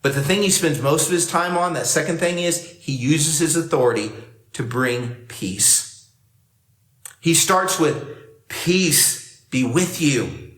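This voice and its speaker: A man preaching in a relaxed, conversational style, slipping into the quoted lines as he reads. His voice sits a little high for a man. The room around him rings with a roomy echo, as he speaks to a camera for an online service. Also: a little slow. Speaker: pastor. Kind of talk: sermon.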